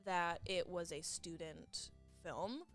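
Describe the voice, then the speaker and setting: A young woman chatting as a guest on a podcast, playful and quick to laugh as she riffs on jokes. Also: on the low side, a bit bright, faint music behind. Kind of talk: casual chat.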